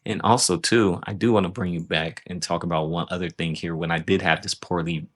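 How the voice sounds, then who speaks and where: A man's voice: low-pitched, steady tone, a little fast. A man casually breaking down footage of his own grappling match, loose and self-critical, often checking in with "right?".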